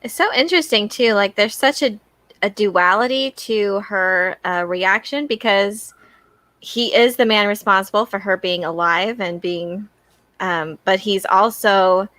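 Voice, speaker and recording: A woman's voice: medium pitch, measured pace, bright, forceful tone, no room sound. A woman chatting casually on a podcast panel, enthusiastic, with lots of "like" and light laughter. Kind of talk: casual chat.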